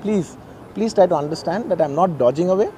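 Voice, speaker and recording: Earnest, fast-talking man with a Telugu accent. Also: sits high, warm tone, a little hiss or hum. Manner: earnest, insistent, repeats himself. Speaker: actor at a press conference. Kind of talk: emotional press statement. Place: press meet in a garden.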